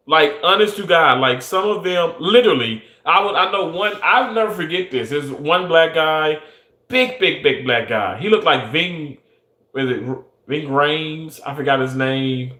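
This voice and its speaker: Young man, earnest monologue, a bit high, echoey room. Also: pushed and bright. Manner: earnest, emphatic, many restarts. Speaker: surgical technologist. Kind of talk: casual monologue.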